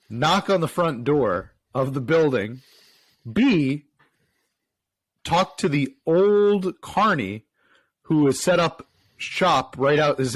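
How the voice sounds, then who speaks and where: A podcast co-host lays out story choices and jokes along with his partner, his pitch bouncing a lot. The sound is dry and close, with no room to it. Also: no room sound. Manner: playful, laughing asides. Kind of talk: improvised storytelling.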